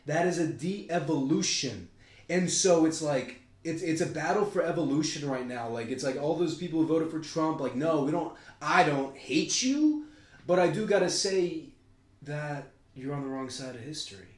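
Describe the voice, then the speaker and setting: A man's voice: fairly high pitch, moderate pace. Rambling man on a roomy podcast. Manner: rambling, swearing, jumps between ideas. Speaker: podcast co-host. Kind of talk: casual podcast chat. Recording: roomy echo.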